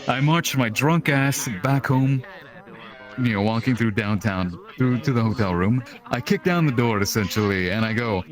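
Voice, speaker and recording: A young man with a mid-range voice spins a long, profane story at a moderate pace over online voice chat. He's animated and casual, performing the quoted lines as he goes.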